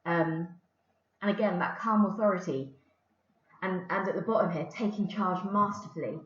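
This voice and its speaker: A woman's voice: on the low side, moderate pace. A woman English teacher giving a recorded lesson, explaining patiently with the odd filler. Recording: roomy, dull lo-fi recording.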